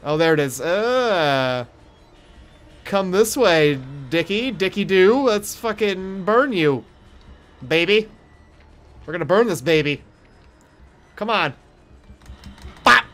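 Jumpy, high-pitched young gamer man, cursing. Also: lively intonation, slow, pauses often. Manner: jumpy, yelling and cursing at monsters, taunting. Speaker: gaming streamer. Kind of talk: horror game let's play commentary.

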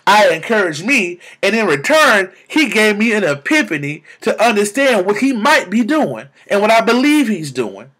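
A young man vlogging about faith, exclaiming and repeating words in bursts of excitement, talking into a camera. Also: high voice, husky. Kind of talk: excited spiritual vlog testimony.

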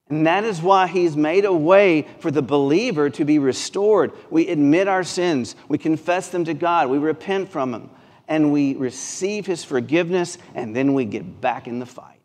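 Preaching from a church sanctuary, this pastor speaks in a Mississippi Southern accent with a fairly high, somewhat dark voice at a slightly slow pace. His sermon grows earnest and builds on repeated phrases under long church reverb.

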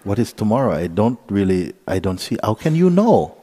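A middle-aged man, a spiritual teacher, giving a gentle, chuckling storytelling talk to a retreat group, often asking "you see?". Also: fairly low pitch, very animated, normal speed, slightly rough. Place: retreat meeting room.

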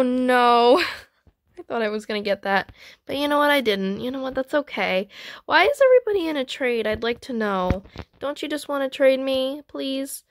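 A woman hosting a gaming channel, chatting excitedly as she trades in a game, with frequent gasps and squeals. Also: high-pitched, normal speed, dry recording, studio quality. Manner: chatty, talks to viewers and other players. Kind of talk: playing a trading game while commenting casually.

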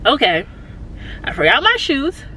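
A woman's voice: sits high, wildly swooping pitch, a little slow. Young woman vlogging in her car, jittery and chatty, swears a lot, road noise behind. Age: 20s. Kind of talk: casual vlog monologue. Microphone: handheld phone or camera.

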